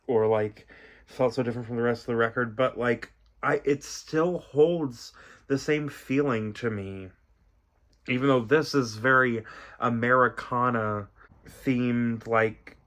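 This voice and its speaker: A young man hosting a music reaction video, talking in a soft, reflective way and rambling with many fillers. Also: medium pitch, unhurried. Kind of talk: casual reaction commentary.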